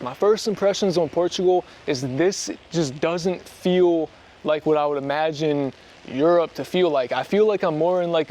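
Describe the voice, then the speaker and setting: A young man from the United States chats to his camera while exploring outdoors in the sun. His voice sits a little higher than most men's, and he talks with easy, gushing enthusiasm in a casual travel-vlog way. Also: a little mellow. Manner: chatty and enthusiastic, talking to the camera. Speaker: travel vlogger. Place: outdoors on a sunny hillside.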